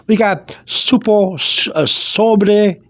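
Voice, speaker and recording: Guy teaching a lesson real slow, high-ish voice, lots of uh and um, says stuff twice. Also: no room sound. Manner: slow and repetitive, with many fillers and restarts. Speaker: language teacher. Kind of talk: casual spoken lesson.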